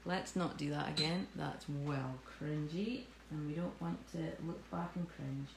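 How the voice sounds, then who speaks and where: A woman's voice: low-pitched, a little slow, creaky, few pauses, a little hiss or hum. Chatty woman teaching live. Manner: jokey, self-mocking, chatty. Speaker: cake decorating instructor. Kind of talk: live tutorial chat. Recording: echoey room with faint ambience.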